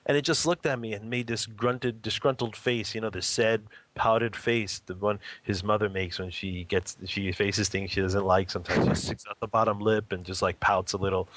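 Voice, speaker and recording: Talking about family life and spiritual practice, a father who meditates at home speaks as an interview guest in a casual, teaching way. His lowish, fairly bright voice keeps fairly even intonation at normal speed, recorded dry. Frequent chuckles mix with check-ins like "you know" and "okay?"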